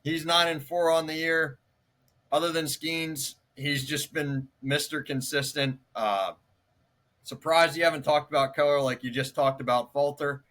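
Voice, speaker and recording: A man co-hosting a casual sports podcast in a relaxed way, often pausing with fillers. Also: fairly high pitch. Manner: relaxed, frequent filler pauses. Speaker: podcast co-host.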